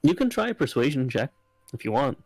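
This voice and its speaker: A man's voice: medium pitch, very animated, fairly quick, vocal fry, a little mellow, slight background noise, rough recording. A man narrating as game master in a loose, casual way, full of fillers.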